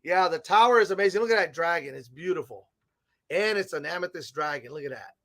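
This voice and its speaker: A man hosting a casual gaming-store segment, chatty and excitable as he shows off products, with frequent asides, recorded inside a comic and game shop. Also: a little high, fairly quick. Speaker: host of a tabletop gaming segment.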